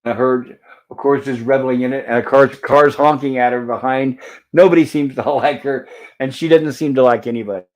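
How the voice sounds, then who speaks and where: A man's voice: medium pitch, fairly even intonation, a little fast, darkish tone. A man hosting a live movie review stream, narrating scenes over the film and reading viewer comments aloud. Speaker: livestream host.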